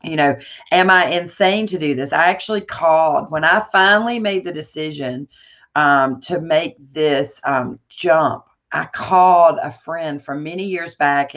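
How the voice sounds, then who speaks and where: Woman interview guest, lively storyteller, restarts a lot, muffled lo-fi audio. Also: low-pitched. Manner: animated storytelling, many fillers and restarts. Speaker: guest entrepreneur. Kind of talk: conversational interview.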